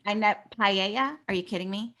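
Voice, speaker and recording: Bright, animated middle-aged woman. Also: mid-range voice, a little fast. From California, USA. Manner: animated, chatty, acts out quoted dialogue. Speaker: guest actress. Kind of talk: casual interview storytelling.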